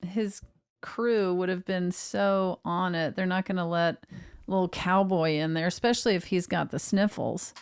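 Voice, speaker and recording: A woman co-hosting a podcast, speaking in casual chat with a dry, deliberate delivery. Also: on the low side, steady tone, clean tone. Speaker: podcast co-host.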